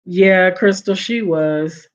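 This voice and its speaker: A woman's voice: on the low side, slow. Woman, casual livestream storyteller, laughs a lot, lo-fi sound. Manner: animated, laughs often, acts out quoted relatives. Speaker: livestream host. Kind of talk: casual storytelling to live chat. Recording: dull lo-fi audio.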